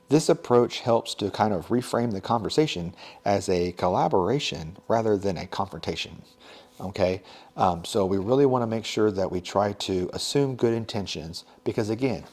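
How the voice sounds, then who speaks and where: A young male teacher and podcast host shares advice with fellow educators in a casual, conversational way, full of fillers and quick asides. His slightly low voice is animated and a little mellow.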